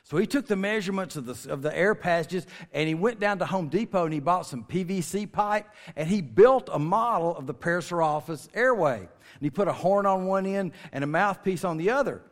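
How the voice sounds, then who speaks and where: The long reverb of a large hall carries a creation ministry speaker's high, animated, brisk voice as he barely pauses. Addressing a family audience, he keeps it folksy and joking, stretching words to emphasize them.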